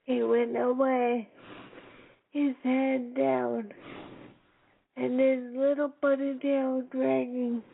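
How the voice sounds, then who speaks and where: Slow, high-voiced woman reading a story. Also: level tone, vocal fry. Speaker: storyteller host. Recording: tinny phone-like sound, faint hiss.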